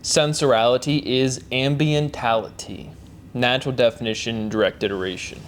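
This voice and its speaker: Man, solo host, mid-pitched voice, repetitive rhetorical questions, faint background hiss. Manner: repetitive, chanting rhetorical questions and set phrases. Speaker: host of a solo word-derivation series. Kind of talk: solo spoken monologue.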